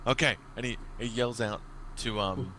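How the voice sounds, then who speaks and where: A man narrating as dungeon master in a tabletop game, relaxed and halting with many fillers. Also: lowish voice, slight background noise.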